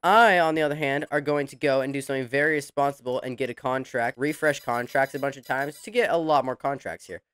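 A man's voice: mid-range voice, fast talker, few pauses, fairly bright tone, clear, resonant tone. A young man hosting a farming game, giving casual joking commentary in a rambling, playful way. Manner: jokey, rambling, playful cowboy banter. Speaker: gaming channel host.

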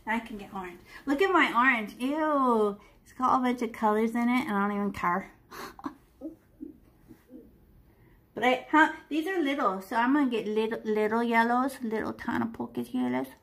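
A middle-aged woman teaching kids to paint live sounds fairly high and a bit bright, with lively intonation at a moderate pace. Playful and talkative, she describes each brushstroke while she works.

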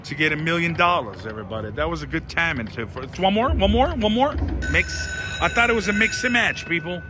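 Excitable high-voiced man narrating slots. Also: fairly quick, over music. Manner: dramatic, theatrical, exclaiming to viewers. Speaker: slot machine vlogger. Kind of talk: casual live commentary while gambling. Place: casino.

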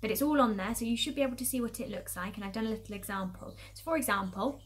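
A woman's voice: fairly high pitch, quick pace. A woman, a primary school teacher, reading a storybook aloud and explaining it patiently to young children.

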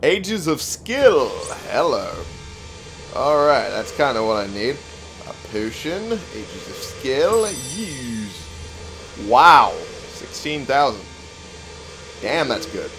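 A young man drawls his way through a let's-play, swearing freely and cracking dry jokes at the on-screen text. His pace is slow and unhurried, with the game's music running clearly underneath. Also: medium pitch, poor audio. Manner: slow, swearing, reads item text aloud with wry jokes. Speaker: gameplay commentator. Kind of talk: casual let's-play commentary. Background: game music.

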